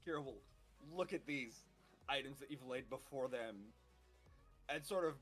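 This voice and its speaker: A man narrating as game master in a relaxed, loose way. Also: mid-range voice, measured pace, faint music behind.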